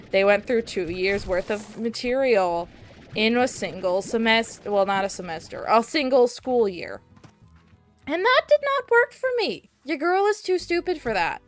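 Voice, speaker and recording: A woman's voice: mid-range voice, fairly bright tone. A young woman streaming a video game, chatting casually and rambling, with sudden squeals at the game. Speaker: VTuber streamer. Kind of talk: casual gameplay chat.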